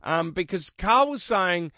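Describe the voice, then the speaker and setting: A cheerful man hosting a morning radio show with plenty of enthusiasm. His voice sits a little high, and the close mic gives a dry, roomless sound. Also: expressive, a little slow, sharp tone, no echo. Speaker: radio co-host. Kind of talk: casual radio chat.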